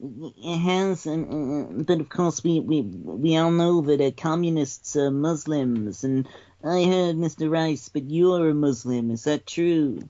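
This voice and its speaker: A man's voice: a little high, expressive, unhurried, dark tone, no echo, muffled recording. A man doing a pompous conspiratorial pundit. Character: impression of a pompous male conservative pundit.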